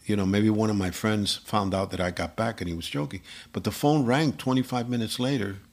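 Husky low-voiced Puerto Rican man storytelling. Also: a little fast. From Puerto Rico. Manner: animated, repeats words as he tells stories. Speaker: guest musician. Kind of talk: storytelling interview.

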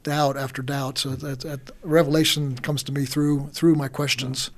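A man's voice: mid-range voice, little pitch movement, moderate pace. Rambling man talking faith. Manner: rambling, repeats words, frequent fillers. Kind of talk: casual conversation about faith.

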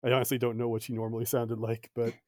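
A man talks films in a relaxed, hedging way. His voice is mellow and fairly flat. He is recorded dry and close. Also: mid-range voice, fast talker, no echo. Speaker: guest. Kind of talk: casual film discussion.

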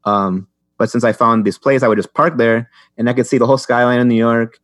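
A man's voice: mid-range voice, steady tone, fairly quick, a bit bright, no echo, studio quality. A young man telling stories in a rambling way as a podcast guest, with many restarts and fillers. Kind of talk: casual chat.

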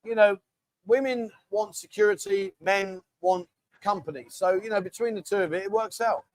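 A man's voice: high voice, moderate pace, no echo. A middle-aged man hosting a casual livestream, chatting and reading out viewer comments in a matey way. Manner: chatty and matey, often calls people mate. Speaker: livestream host.

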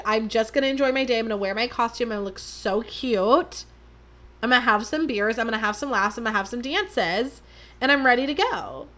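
A woman's voice: fairly high pitch, a bit bright. A young woman hosting her own podcast, chatting casually and mocking herself, with lots of fillers. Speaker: podcast host. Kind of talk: casual solo podcast chat.

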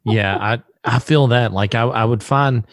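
A man hosting a relaxed interview, chatting casually and acting out stories with quoted voices. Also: mid-range voice, unhurried, no echo, clean studio sound. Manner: animated storyteller, acts out quoted voices. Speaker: podcast host.

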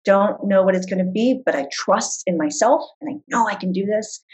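A woman's voice: medium pitch, brisk, husky, low-quality recording. A woman who is a travel video creator, speaking with passion and enthusiasm as an interview guest. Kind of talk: casual interview chat.

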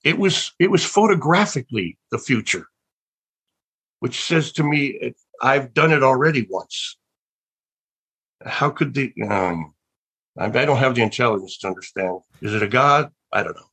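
This older actor, a guest in a casual interview, tells wandering stories full of restarts and trailing thoughts, sounding wondering and reflective. His mid-range voice is expressive, husky and fairly bright, at a moderate pace. The audio is poor.

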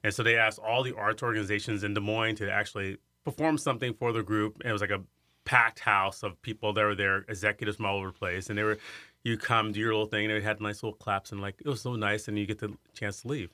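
Fifties male guest from Iowa, lowish voice with a bright edge, animated storyteller; dry sound. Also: fast talker, dry recording. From Iowa, USA. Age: 50s. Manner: animated storyteller who acts out quoted voices. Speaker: guest, singer and arts center director. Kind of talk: storytelling in an interview.

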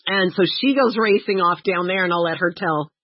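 A woman's voice: on the low side, brisk, no echo, highs cut off. A woman co-hosting a podcast, telling a travel story in casual chat, laughing often and acting out quotes. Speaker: podcast co-host.

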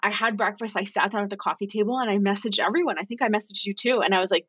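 A young adult woman, a podcast guest, telling her story in a casual, animated way and acting out what she and others said. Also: medium pitch, quick pace, slightly rough, no echo, muffled recording. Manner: animated, quotes herself and others in lively voices.

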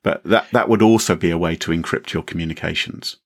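A man's voice: deep voice, fairly quick, gravelly. A man co-hosting a casual chat, jokey and exclamatory. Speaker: podcast co-host.

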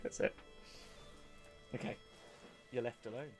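A man's voice: a little slow, a little mellow, faint music behind. A man running a tabletop game as game master, chatty and prone to tangents, laughing at himself. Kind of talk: actual-play narration and sponsor read.

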